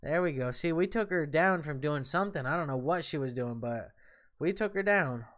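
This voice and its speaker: A man streaming a game live, tipsy and swearing loudly at the boss as he comments on his play. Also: on the high side, lively intonation, moderate pace. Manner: profane, yelling and cursing at the game. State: tipsy from drinks and smoking.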